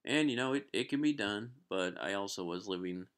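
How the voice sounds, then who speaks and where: A man's voice: fairly low pitch, expressive, fairly quick. A man telling a rambling personal story on a live stream, with many restarts. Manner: rambling, lots of fillers and restarts, clears his throat. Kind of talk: casual storytelling.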